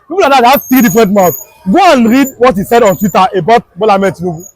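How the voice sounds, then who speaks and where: A Nigerian man with a Yoruba accent delivers impassioned political commentary. His voice sits very high and he hammers points home with emphatic repetition and a preachy tone. The sound is dry and close. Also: animated, fast talker, no echo, rough recording. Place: outdoors on a Lagos street.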